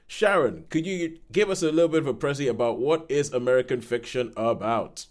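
A man hosting a film review show, brisk as he leads into the segment. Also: medium pitch. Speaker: host. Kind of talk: casual chat.

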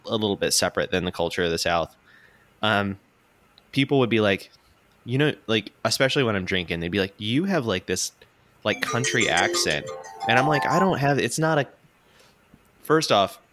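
Bright-voiced casual young man, rambling. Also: lowish voice, no room sound. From Florida. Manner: rambling, filler-heavy, self-deprecating. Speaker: podcast host. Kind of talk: casual chat.

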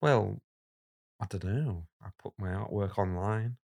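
A guest illustrator on a casual podcast speaks outspokenly and bluntly, getting animated when something riles him. His voice is on the low side, a little slow, with vocal fry.

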